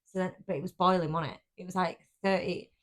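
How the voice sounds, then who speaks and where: A woman co-hosting a podcast in casual chat, teasing with deadpan banter. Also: lowish voice, fast, crowd noise. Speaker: podcast co-host.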